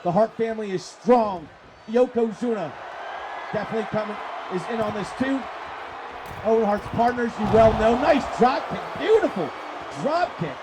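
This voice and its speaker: A man calling live wrestling play-by-play, excitable and profane, often shouting. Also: sits high, moderate pace, pauses often. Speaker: play-by-play commentator. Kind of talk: live wrestling commentary on a stream. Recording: streamed commentary over crowd noise.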